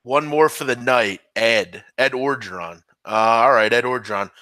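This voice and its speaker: A laid-back man hosting a casual late-night sports chat, chuckling and self-deprecating, his voice starting to go hoarse. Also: mid-range voice, moderate pace, pushed and bright, dry recording, clean studio sound. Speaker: fill-in host.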